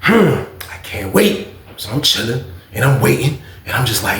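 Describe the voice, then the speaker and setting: A man telling a personal story in a casual vlog, animated and profane, acting out both sides of the dialogue. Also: mid-range voice, moderate pace, echoey room, a little hiss or hum.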